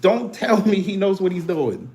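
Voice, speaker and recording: A man's voice: sits high, very animated, moderate pace, warm tone. A man hosting a live stream, teasing and taunting his chat with casual banter and frequent laughs.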